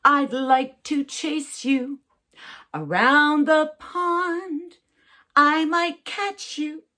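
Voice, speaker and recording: A woman singing as a playful, hungry T-Rex in a slow, teasing sing-song for children. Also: high voice, sharp tone, pitched above the performer's own voice, full character voice.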